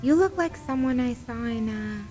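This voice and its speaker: A woman voicing a forward young stranger, high and lively. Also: lightly acted. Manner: stilted, halting delivery. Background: game music.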